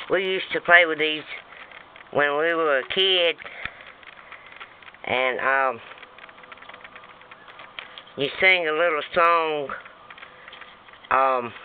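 A man rambling excitably in a casual outdoor home video, chanting a singsong rhyme as he shows off insects in the sand. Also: a little high. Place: outdoors on sandy ground. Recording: tinny lo-fi phone-like sound with faint noise.

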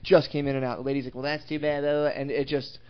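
A young man co-hosting a podcast, telling profane stories in loose, crude chat. His voice sits a bit high for a man. The audio is dull and lo-fi. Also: level tone, very fast, smooth. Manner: profane, storytelling, laughs often. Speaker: podcast co-host.

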